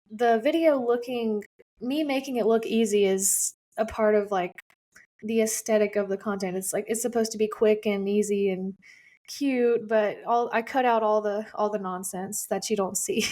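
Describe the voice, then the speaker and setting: Woman guest just chatting easily in an interview, lots of ums, mid pitched. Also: steady tone, normal speed, darkish tone. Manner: chatty, easygoing, with fillers. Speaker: guest content creator. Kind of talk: casual interview chat.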